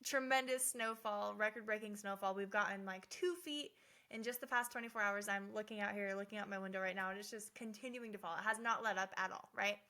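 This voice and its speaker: A middle-aged woman hosting a casual faith-based talk, chatty and animated, often tagging her lines with "right?". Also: mid-range voice, brisk. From Southern Oregon. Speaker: host of a faith talk show.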